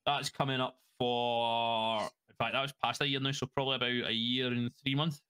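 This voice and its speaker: A man's voice: medium pitch, flat delivery, normal speed, bright, forceful tone, clean tone, no room sound. A Scottish man chatting as a guest in a casual interview, rambling, swearing freely and laughing often. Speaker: guest roleplayer.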